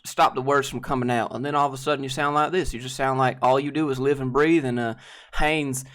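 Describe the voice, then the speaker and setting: A man putting on a thick, exaggerated Southern US accent from Georgia, playing a boastful good ol' boy with a loud drawl. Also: mid-range voice, steady tone, fairly quick, natural voice. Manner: thick drawl, boastful, louder than his own talk.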